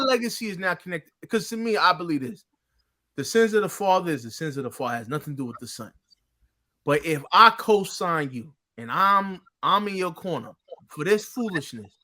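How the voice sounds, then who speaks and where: A man's voice: high-pitched, sing-song, moderate pace, sharp tone. A middle-aged man co-hosting a casual podcast, talking emphatically and breaking into playful quoted voices. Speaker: co-host, Spirit G.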